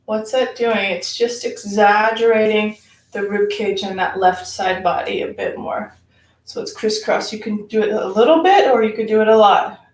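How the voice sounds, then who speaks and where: A woman teaching a live-streamed yoga class, giving slow, calm cues between audible sighs and sounding a little out of breath as she demonstrates. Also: mid-range voice. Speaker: yoga instructor. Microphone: camera mic at a distance. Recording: echoey room, voice from far off.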